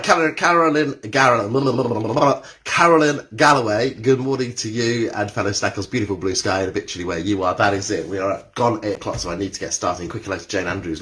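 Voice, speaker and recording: A man's voice: lowish voice, a bit bright. A man, leading a live-streamed exercise class indoors and greeting viewers by name in a chatty way. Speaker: exercise instructor. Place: indoor room with carpeted floor.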